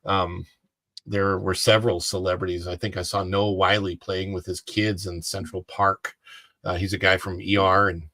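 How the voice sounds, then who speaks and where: Low-voiced man telling chatty stories. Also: little pitch movement, moderate pace, pushed and bright, no echo. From United States. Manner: chatty, rambling anecdotes. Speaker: co-host. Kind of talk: casual chat on a livestream.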